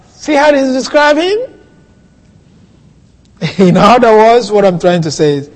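A man preaching a sermon, teaching slowly through a Bible passage with soft chuckles and questions to his listeners. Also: high voice, big-room sound.

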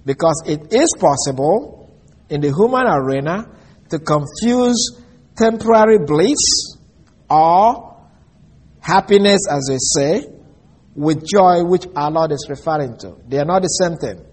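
A man delivers a sermon in a calm, teaching tone, drawing out important phrases slowly. His voice sits a little high for a man and has a husky edge. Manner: measured teaching, slows to stress key phrases. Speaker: preacher.

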